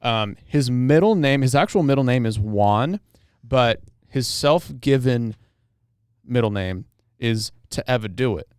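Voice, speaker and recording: A man's voice: medium pitch, expressive, unhurried, smooth, no room sound, clean studio sound. A young man co-hosting a podcast, chatting casually and joking, often laughing and restarting his sentences. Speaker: podcast co-host. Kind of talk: casual chat.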